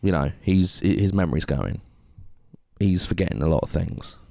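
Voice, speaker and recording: A low-voiced English man co-hosting a casual podcast. He talks earnestly and rambles, restarting his sentences. The sound is dry and close to the mic. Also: animated, moderate pace, gravelly, mellow, dry recording. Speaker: podcast co-host.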